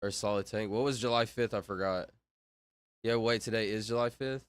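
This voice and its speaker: A man's voice: on the low side, brisk, clear, resonant tone, dry recording. A man chatting casually on a livestream, rambling and interrupting himself while reading chat aloud.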